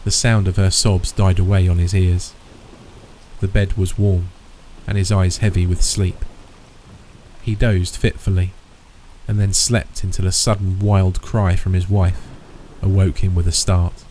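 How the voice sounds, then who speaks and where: Deep-voiced man narrating horror. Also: little pitch movement, a little slow, mellow, slight background noise, low-quality recording.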